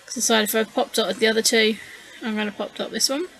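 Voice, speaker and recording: A woman's voice: a little high, fairly even intonation, fast talker, vocal fry, fairly bright tone, slight background noise, rough recording. A tired woman casually narrating her scrapbooking process in a voice-over, rambling and hesitant with frequent fillers. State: tired, yawning. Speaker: scrapbooking channel host.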